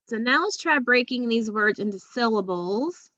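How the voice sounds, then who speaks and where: A woman's voice: fairly high pitch, animated, moderate pace, hardly any pauses, sharp tone, no echo, muffled recording. A woman teacher giving a phonics lesson to young children, patient and drawing out each sound.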